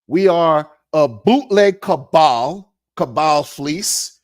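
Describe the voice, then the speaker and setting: A man ranting in a casual monologue, animated and sarcastic, repeating words and laughing often. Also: fairly high pitch, moderate pace, dry recording, clean studio sound. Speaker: crypto commentator.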